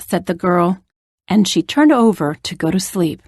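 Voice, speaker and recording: A woman narrating a children's read-aloud story, slow, clear and expressive. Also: fairly low pitch, no room sound, clean studio sound.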